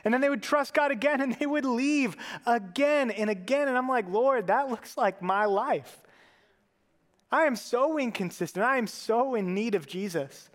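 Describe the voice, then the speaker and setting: A man with a high-pitched voice preaches a sermon in a church, earnest and conversational and dropping in casual fillers. His voice carries a long hall reverb behind it. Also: animated, normal speed, few pauses, fairly bright tone. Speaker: pastor.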